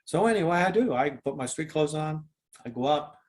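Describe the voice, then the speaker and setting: A man's voice: a little high, lively intonation, brisk. An older man, a former football kicker, telling a long story in a casual interview, with many restarts and fillers.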